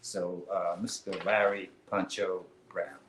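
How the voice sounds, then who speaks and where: A man hosting a casual livestream chat, telling stories in a relaxed, rambling way with lots of fillers. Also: deep voice, unhurried, echoey room, a little hiss or hum, poor audio. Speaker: show host.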